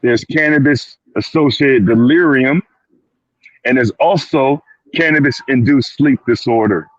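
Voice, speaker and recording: A man's voice: medium pitch, a little slow, no room sound. A man talking as a clinician guest in an emphatic, insistent way. He repeats words and acts out little quoted asides. His voice comes through a dry, dull recording with no room sound. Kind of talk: panel discussion.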